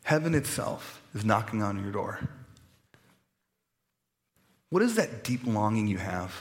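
Earnest pastor preaching in a reverberant church. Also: male voice, on the low side, sing-song, moderate pace. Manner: earnest, conversational with emotional swells. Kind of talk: sermon. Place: church sanctuary.

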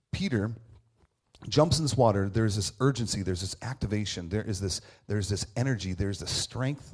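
This thirty-something pastor preaches in a relaxed, chatty way, his voice mid-range and darkish. Earnest and informal, he weaves in stories from his own life, often begins phrases over, and checks in repeatedly with "right?"

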